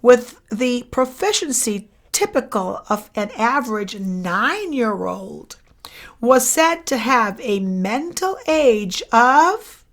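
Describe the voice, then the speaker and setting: A woman's voice: a little high, very animated, takes it slowly. A woman lecturer going over exam questions, repeating each question and answer and checking in with the listener as she goes. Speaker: psychology lecturer. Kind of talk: exam review lesson.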